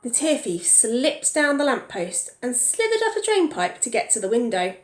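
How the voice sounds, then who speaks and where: Expressive woman reading a storybook aloud. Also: on the high side, moderate pace, roomy sound. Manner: expressive, stops to ask the children questions. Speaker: teacher reading to a class. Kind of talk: storybook read-aloud for young children.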